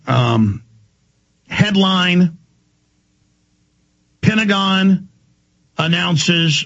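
A man hosting a talk radio show, ranting angrily in a heated monologue with a gravelly, husky voice. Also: fairly high pitch. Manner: ranting, angry, rapid-fire. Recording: dull lo-fi broadcast audio.

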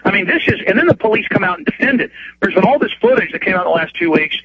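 A man hosting talk radio over a phone line, ranting in a fast, repetitive way with stammering restarts and bursts of outrage. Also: sits high, animated, crowd noise. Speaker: radio host. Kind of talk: heated talk radio rant.

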